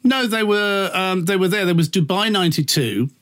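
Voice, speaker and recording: A man's voice: sits high, lively intonation, moderate pace, fairly bright tone. A middle-aged man with a Liverpool accent, a radio presenter being interviewed, camp and flamboyant, swearing freely as he tells stories. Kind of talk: anecdotal interview chat.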